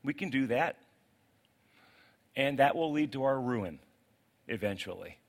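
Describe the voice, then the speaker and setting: A male pastor preaching a sermon to a congregation. He is animated, swinging between loud outbursts and quiet, pleading asides. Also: mid-range voice, unhurried, vocal fry. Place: church sanctuary with congregation.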